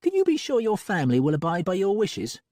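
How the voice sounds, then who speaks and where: A man voicing a bold, playful young woman companion, excitable and emphatic in a raised voice. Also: high voice, fast, dry recording, clean studio sound, pitched above the performer's own voice. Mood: earnest.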